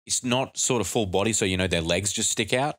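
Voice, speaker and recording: A man's voice: lowish voice, fairly quick, a bit bright, no echo, studio quality. A young man co-hosting a casual podcast, telling stories and cracking crude jokes. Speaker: podcast co-host. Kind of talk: casual chat.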